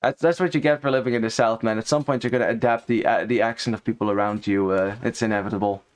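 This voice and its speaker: A man's voice: on the low side, fairly even intonation, fast talker. A young man casting a real-time strategy match, chatty and analytical, explaining game mechanics as the action unfolds. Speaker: esports caster. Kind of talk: live strategy-game commentary.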